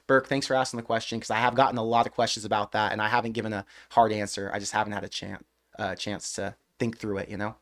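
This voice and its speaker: A young man hosting a casual sports-fan livestream, reading out viewer comments and ranting in an animated way. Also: fairly low pitch. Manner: rapid, animated ranting with frequent restarts. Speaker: sports fan channel host.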